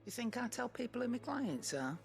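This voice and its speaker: Game trader, older, suspicious, curt and sarcastic. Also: female voice, on the high side, very animated, fairly quick, a little mellow, soft background music. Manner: curt, sarcastic, dialect grammar. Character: sharp-tongued older woman trader, gruff and suspicious.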